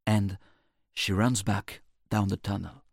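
A man narrating a storybook in a clear, measured storytelling manner. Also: lowish voice, flat delivery, no echo, studio quality.

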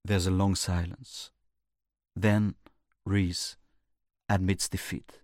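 A man narrating a storybook in a clear, measured storytelling manner. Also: sits low, level tone, darkish tone, dry recording, clean studio sound.

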